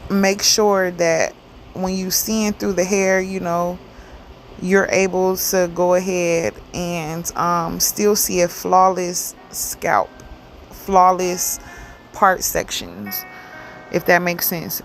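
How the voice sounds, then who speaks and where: A woman giving a casual hair tutorial, explaining each step in a chatty, relaxed way with plenty of fillers. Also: lowish voice, takes it slowly, faint music behind. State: cold and yawning. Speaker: hair stylist demonstrating a wig.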